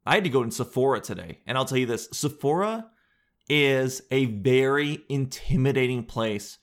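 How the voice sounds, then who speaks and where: A man's voice: mid-range voice, normal speed. A young man, vlogging in a joking, rambling monologue full of loose asides. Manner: joking, self-deprecating, meandering with loose asides.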